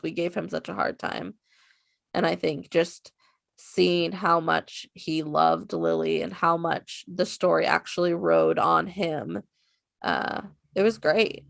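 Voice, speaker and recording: A woman's voice: fairly low pitch, vocal fry, dry recording, clean studio sound. A woman co-hosting a casual fan podcast, upbeat and encouraging. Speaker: podcast co-host. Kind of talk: casual chat.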